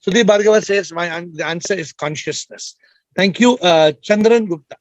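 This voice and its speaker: High-voiced man hosting a video call. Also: normal speed, no room sound, low-quality recording. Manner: probing, repeats questions, jokes lightly. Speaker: host of an online spiritual Q&A session. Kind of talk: questioning participants on a video call.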